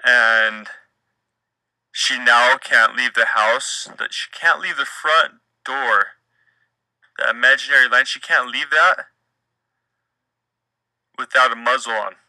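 Bright, profane young man podcasting. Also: medium pitch, slow pace, pauses often, dry recording, rough recording. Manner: profane, rambling and jokey. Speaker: podcast host. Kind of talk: casual solo podcast storytelling.

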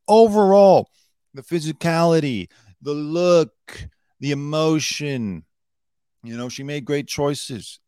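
A man's voice: a little high, a little mellow, dry recording, studio quality. A man hosting a live news commentary show, blunt and opinionated, swearing freely and swinging between emphatic outbursts and muttered asides. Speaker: show host.

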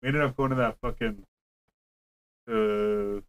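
A man's voice: on the low side, steady tone, measured pace, slight background noise, poor audio. A young man, telling stories in a rambling casual chat with friends, packing his talk with filler words and swearing. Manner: rambling storytelling, heavy "like" filler, frequent swearing.

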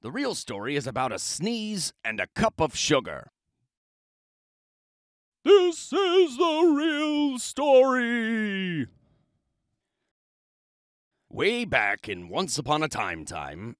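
A man's voice: mid-range voice, pushed and bright, no echo, clean studio sound. A man reading a children's book aloud, telling it in first person in a chatty, self-justifying way. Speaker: storybook reader.

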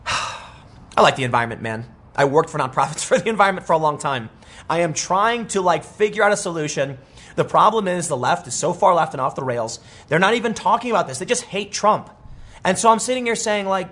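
A man in his thirties giving casual political commentary, animated and rambling, with many restarts and quoted asides. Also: high voice, brisk.

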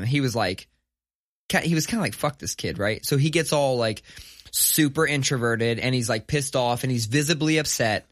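Middle-aged man, podcast co-host, animated and profane storyteller, dry close sound. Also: mid-range voice, no room sound. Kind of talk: casual storytelling chat.

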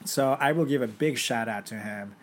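A young man co-hosting a podcast, telling lively anecdotes and often laughing. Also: mid-range voice, moderate pace, a little hiss or hum. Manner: animated storyteller, laughs often, acts out quoted voices. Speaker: podcast co-host. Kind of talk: casual chat.

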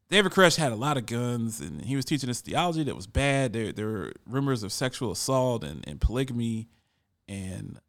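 Male podcast talker, bright and lively tone, loose and rambling delivery. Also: mid-range voice. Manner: animated, conversational, trails off and repeats words. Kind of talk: casual monologue.

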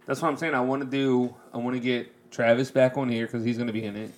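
A man's voice: medium pitch, level tone, fast. Laid-back man chatting and laughing. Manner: laughs easily, explains league rules in a loose rambling way. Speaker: podcast co-host. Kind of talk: casual chat.

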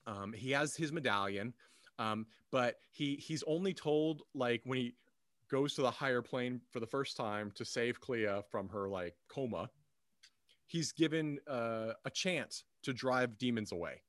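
A man's voice: mid-range voice, unhurried, fairly bright tone, dry recording. A man talking through an old TV movie in a loose, rambling way, full of ums and restarts. His voice sits in a middle register and sounds dry and close, with almost no room around it. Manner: rambling, many fillers and restarts. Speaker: podcast co-host. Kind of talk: casual film discussion.

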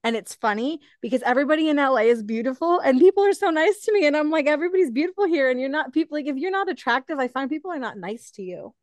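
A woman's voice: high voice, sing-song, fast, few pauses, dry recording. A young woman hosting an interview over a video call, talking in a gushing, chatty way full of fillers. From Canada. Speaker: host. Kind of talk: casual interview chat.

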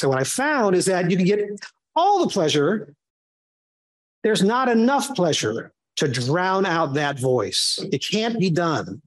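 A man leading a conversational Bible study, animated and given to asides and restarts, who acts out quotes in shifting voices. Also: high-pitched, a little slow.

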